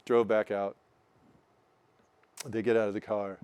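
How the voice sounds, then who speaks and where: A man's voice: fairly low pitch, measured pace, smooth, no room sound. A man in his forties from Oregon, telling a profane, self-mocking story in casual chat and acting out what people said. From Oregon, United States. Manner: animated, profane, self-mocking, acts out voices. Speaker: guest storyteller.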